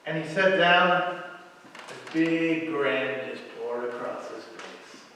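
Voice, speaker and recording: A man's voice: fairly high pitch, takes it slowly, pushed and bright, slight background noise. A man preaching a sermon as a pastor, telling a story dramatically and acting out the characters' lines. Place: church sanctuary. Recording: echoey church hall, mic far off.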